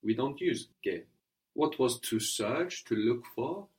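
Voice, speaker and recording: A man's voice: medium pitch, lively intonation, takes it slowly. A man teaching a spoken language lesson, patiently repeating his student's answers and explaining grammar step by step.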